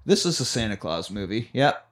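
A man co-hosting a podcast, casually and profanely retelling a film's plot, dropping quick voices for the characters. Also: fairly low pitch, big pitch swings. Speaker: podcast co-host. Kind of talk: casual movie-recap chat.

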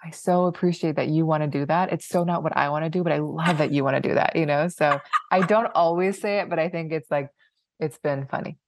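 A woman's voice: sits low, brisk, no echo, studio quality. A woman who is a guest on a podcast and a new mother, speaking in an upbeat, reflective casual way. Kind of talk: casual chat.

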